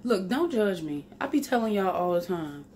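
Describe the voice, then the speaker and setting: A woman's voice: medium pitch, sing-song, normal speed, darkish tone, slight background noise. A woman, chatting playfully through a home cooking vlog and laughing at herself. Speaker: vlogger. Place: home kitchen.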